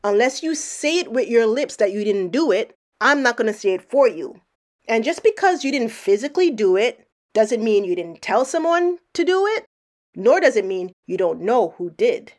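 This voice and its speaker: A woman's voice: a little high, very animated, moderate pace, a little mellow. A woman giving sarcastic mock-detective commentary over clips, probing and building a case point by point. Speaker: commentary narrator.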